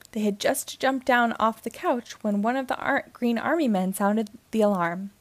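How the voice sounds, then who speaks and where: Woman, picture-book read-aloud, gentle measured pacing, higher voice, dry close sound. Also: dry recording. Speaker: storyteller.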